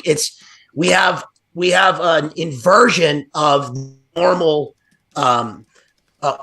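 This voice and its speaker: A man with a fairly high, gravelly voice that carries a bright edge speaks as a livestream guest. He analyzes literature in a rambling, casual way, circling back with fillers and restarts. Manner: digressive, many fillers and restarts.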